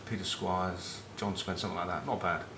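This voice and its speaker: His voice sits low and his tone stays level as he talks briskly. The speaker, a middle-aged ex-rugby captain from northern England with a Northern English accent, rambles through cheeky, sweary match talk and anecdotes in casual rugby chat. The room echoes and there's background noise.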